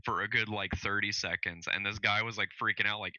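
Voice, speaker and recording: A man co-hosting a casual podcast, blunt and quick to swear, often laughing. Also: on the low side, fairly even intonation, sharp tone, no room sound, dull audio. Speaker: podcast co-host. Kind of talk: casual chat.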